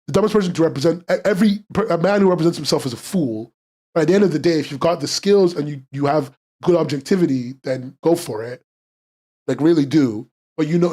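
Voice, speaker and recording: A male podcast host chatting on a live stream in a slightly high voice. He rambles, curses freely and gets worked up quickly while answering his chat. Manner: excitable, profane and rambling, reacting to chat. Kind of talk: casual livestream chat.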